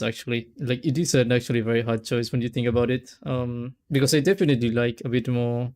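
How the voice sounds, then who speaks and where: Male streamer, mellow tone, rambling casual chat, trips over names. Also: medium pitch, steady tone, quick pace, hardly any pauses. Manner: rambling, stumbles over names, laughs often. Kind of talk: casual let's-play chat.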